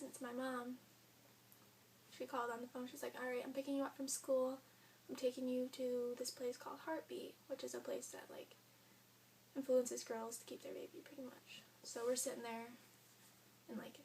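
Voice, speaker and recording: A woman's voice: high-pitched, darkish tone. A young woman telling her own story in a chatty way, full of "like" and quoted dialogue. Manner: chatty, frequent "like", quoting others in her own voice. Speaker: vlogger. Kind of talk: casual storytelling. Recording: faint hum, a bit far from the mic.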